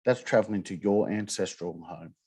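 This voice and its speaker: A man in his forties hosting a podcast, asking measured, reflective questions. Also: lowish voice, darkish tone, breathy edge, no room sound. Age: 40s. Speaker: podcast host. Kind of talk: interview questions.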